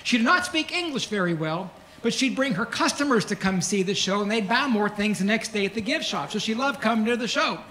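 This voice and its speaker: High-voiced middle-aged comedian. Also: male voice, a little fast, few pauses. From Kentucky, USA. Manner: folksy, deadpan punchlines. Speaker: stand-up comedian. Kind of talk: stand-up comedy storytelling.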